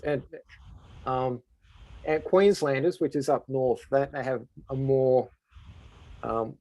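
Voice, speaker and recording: Gravelly Australian tour guide man. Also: medium pitch, warm tone. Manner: easygoing, explanatory. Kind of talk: casual Q&A answers.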